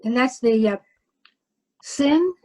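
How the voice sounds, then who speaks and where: Slow, hesitant woman student. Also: on the high side, rough recording. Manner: hesitant, slow, many fillers, repeats after teacher. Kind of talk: language lesson practice.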